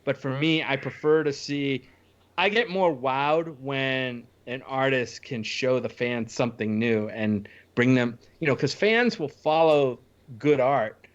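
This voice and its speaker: A man's voice: medium pitch, unhurried, lo-fi sound. A man co-hosting a podcast, giving his opinion with jokes and short remarks. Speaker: podcast co-host. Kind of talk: casual chat.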